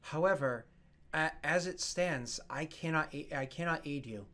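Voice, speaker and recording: A man voicing a formal, patient bishop of a church in a tabletop game, speaking in a measured, halting way. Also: fairly high pitch, pushed and bright. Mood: solemn.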